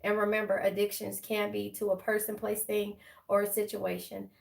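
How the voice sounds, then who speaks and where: Gravelly, chatty woman tarot reader. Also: medium pitch, level tone, normal speed, recorded from a distance. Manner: chatty, affectionate, emotional. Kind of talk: casual tarot reading to viewers.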